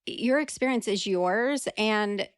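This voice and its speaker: A woman's voice: mid-range voice, slow, clear, resonant tone, no room sound, clean studio sound. A woman who hosts a podcast and works as a labor nurse, chatting with her guest and speaking directly to her listeners. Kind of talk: podcast interview.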